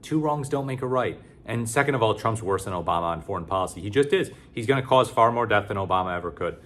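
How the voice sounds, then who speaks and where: A man delivering casual opinion commentary in a somewhat low voice. He talks sarcastically and bluntly, with loose phrasing, fillers and frequent restarts. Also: fast talker, fairly bright tone. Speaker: political commentator.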